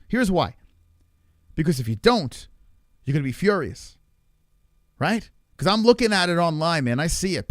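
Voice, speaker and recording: A man hosting a livestream, loud and profane, reacting to a clip and talking to his chat. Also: fairly high pitch, no echo, studio quality. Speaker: livestream host. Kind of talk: casual livestream commentary.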